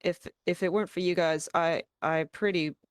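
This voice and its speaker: Shy elf woman, halting and flustered, smooth dry voice played by a woman. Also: lowish voice, steady tone, no room sound, natural voice. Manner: hesitant, halting speech.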